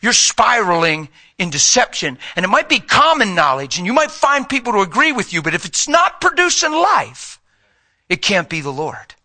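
A middle-aged male preacher with a very bright, ringing voice that sits a little high. He preaches with fervor, calling out to the congregation, then dropping to a hushed tone. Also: sing-song, moderate pace. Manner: emphatic, call-and-response, swings from loud to hushed. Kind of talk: sermon.

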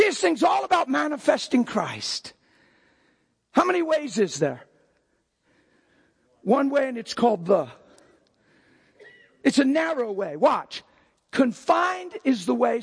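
An older man preaching a sermon as pastor, breaking into sudden shouted outbursts between plain talk. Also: extremely high pitch, vocal fry, husky.

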